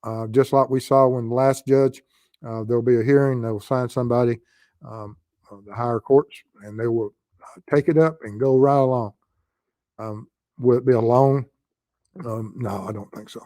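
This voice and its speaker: A man with a Southern US accent hosting a true crime live stream, answering chat questions in a halting way with many pauses. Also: medium pitch, steady tone, mellow, no echo. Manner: halting, with frequent pauses and fillers.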